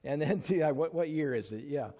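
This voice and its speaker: A man preaches in a church in an easy, talky way, as if chatting with the people in the pews. His voice sits a little on the high side. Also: animated, fairly quick, warm tone. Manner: conversational, chuckles and sings snatches to the congregation. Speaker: pastor. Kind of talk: sermon. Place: church sanctuary.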